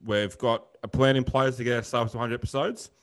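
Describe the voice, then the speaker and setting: Man, podcast co-host, rapid rambling talk. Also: mid-range voice, fairly even intonation. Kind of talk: casual podcast chat.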